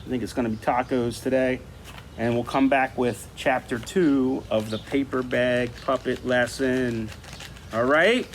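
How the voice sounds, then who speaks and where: An easygoing man gives a relaxed, chatty art lesson and thinks out loud as he works on a craft project. His voice sits at an ordinary middle pitch. Faint room noise hums underneath. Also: measured pace. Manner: easygoing, thinks aloud while drawing. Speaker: art teacher. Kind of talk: casual talk-along art lesson.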